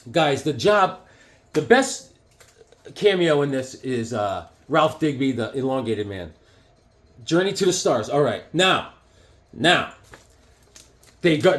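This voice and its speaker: A man talking casually and excitedly, rambling through his collection with lots of fillers and restarts. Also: fairly high pitch. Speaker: comic book collector reviewing issues. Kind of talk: casual show-and-tell vlog.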